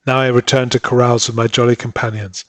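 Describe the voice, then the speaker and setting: A man's voice: mid-range voice, little pitch movement, fast, a bit bright, no echo, close to an everyday voice. A man voicing an earnest, troubled husband. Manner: earnest, pleading.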